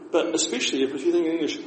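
A New Zealand-accented man leads a laid-back beginner class in Māori phrases, going slowly and saying words again for his students. He has a slightly high voice, heard in an echoey room with a little noise.

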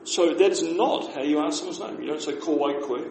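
A man with a New Zealand accent, teaching beginner Māori phrases in a relaxed class, explaining slowly and repeating words for his learners. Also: fairly high pitch, creaky. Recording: echoey room with faint noise.

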